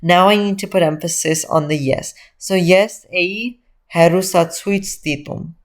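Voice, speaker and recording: A woman with a somewhat low voice leads a relaxed spoken grammar lesson. She explains each rule step by step and slows down deliberately over example phrases so learners can follow. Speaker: language teacher.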